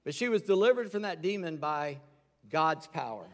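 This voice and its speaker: A man's voice: on the high side, big pitch swings, moderate pace. A man preaching a sermon from the pulpit, candid and emphatic. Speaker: pastor. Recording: long hall reverb.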